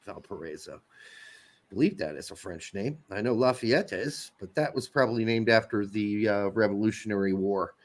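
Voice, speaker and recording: A man's voice: on the low side, moderate pace. A man co-hosting a podcast, rambling and joking in casual banter and swearing freely. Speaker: podcast co-host.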